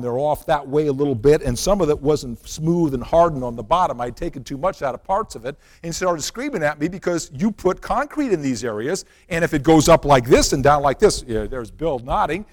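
A male pastor preaching a sermon built around a personal story, swinging from loud, animated passages to hushed, quiet ones. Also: fairly high pitch. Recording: long reverb of a large hall.

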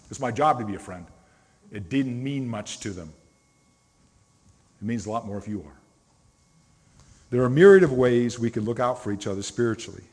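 A middle-aged pastor preaches in a conversational, storytelling manner, leaning hard on single words. His voice is slightly husky, and it rings with the long reverb of a church sanctuary. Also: mid-range voice, lively intonation, moderate pace, pauses often, a little mellow. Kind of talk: sermon.

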